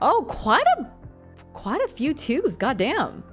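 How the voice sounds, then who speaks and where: A young woman hosts a live stream, reading chat messages aloud and laughing between remarks. Her voice sits a bit high and jumps around a lot. Soft music plays faintly underneath. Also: slow pace. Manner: animated, laughs often, reads chat aloud.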